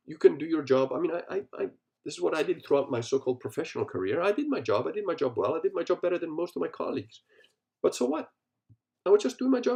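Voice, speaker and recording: With a mellow, medium-pitched voice touched by vocal fry, this middle-aged man hosts a podcast alone. He swears freely, speaks bluntly and tells stories in which he performs other people's words.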